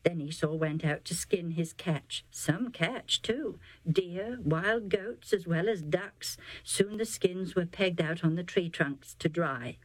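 A woman narrating a bible story in an animated storytelling voice. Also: lowish voice, slow pace, hardly any pauses, no room sound.

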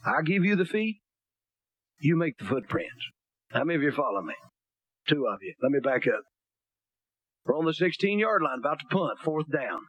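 A man's voice: fairly high pitch, very animated, moderate pace, pauses often, a bit bright, dull audio. A male pastor preaching a sermon, blunt and folksy, with homespun humor between King James scripture readings. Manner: reads scripture aloud in King James wording.

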